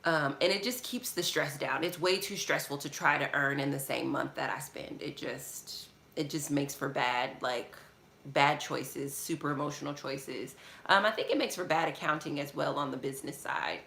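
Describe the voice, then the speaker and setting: A woman with a low, gravelly and bright voice hosts a live chat. She reads out viewers' questions and answers them openly. Her studio apartment gives the sound a noticeable roomy echo. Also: moderate pace. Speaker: budgeting channel host.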